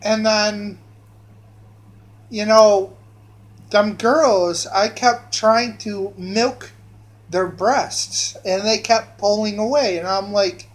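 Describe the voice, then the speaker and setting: A man's voice: high-pitched, fairly even intonation, drawn-out words. A man telling a long rambling story in a monologue, often restarting and repeating his phrases.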